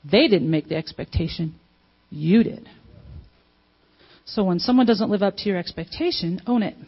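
A woman delivers a sermon in a relaxed, conversational way, putting questions straight to the congregation. Her voice sits in a middle range. The recording has a slightly dull, muffled sound. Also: mid-range voice, moderate pace, slightly rough. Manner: conversational, asks the audience questions, acts out quotes. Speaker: preacher.

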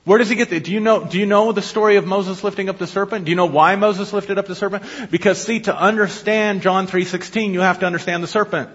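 A man's voice: high-pitched, fairly even intonation, fast talker, hardly any pauses, fairly bright tone, husky. Man preaching in a reverberant hall. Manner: conversational teaching, asks the congregation questions. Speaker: pastor. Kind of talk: sermon. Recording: dull lo-fi audio with long hall reverb.

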